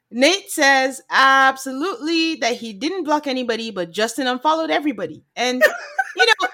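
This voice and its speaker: Animated high-voiced woman recapping. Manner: animated, laughing storyteller acting out quotes. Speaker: podcast co-host. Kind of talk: casual recap chat.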